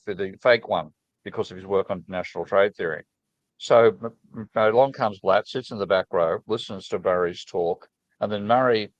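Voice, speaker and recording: A man's voice: deep voice, dry recording, highs cut off. A man hosting a casual conversation, telling enthusiastic, plain-spoken anecdotes with many restarts. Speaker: host.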